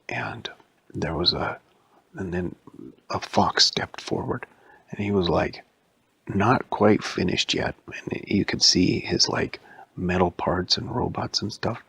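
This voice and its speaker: A man telling a bedtime story in a slow, hushed, often whispered voice. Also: sits low, creaky, slightly rough, no room sound.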